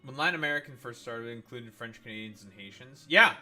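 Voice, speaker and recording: A man's voice: mid-range voice, quick pace, sharp tone, soft background music. A man streaming in casual chat, teasing and swearing freely. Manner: crude, teasing, swears a lot.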